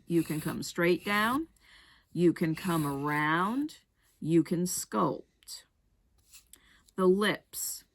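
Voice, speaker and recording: Slow, low-voiced woman teaching a craft. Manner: unhurried, practical step-by-step explaining. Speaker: rug hooking instructor. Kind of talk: craft tutorial demonstration.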